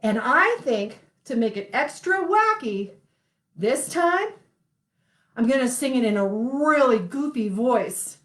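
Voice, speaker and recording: A woman's voice: a little high, expressive, takes it slowly. A young woman hosting a playful children's sing-along class, encouraging and laughing often. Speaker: children's music class host. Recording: roomy echo.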